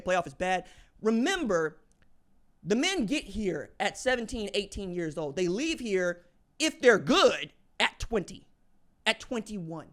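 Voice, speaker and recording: A man hosting a sports podcast, delivering an opinionated monologue in casual slang, swinging from low asides to loud hype shouts. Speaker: podcast host.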